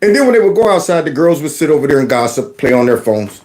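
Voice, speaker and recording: A man with a fairly high voice talks quickly in a laid-back ranting commentary video for the channel he hosts. Formerly a teacher, he's folksy and animated, slipping into acted-out voices.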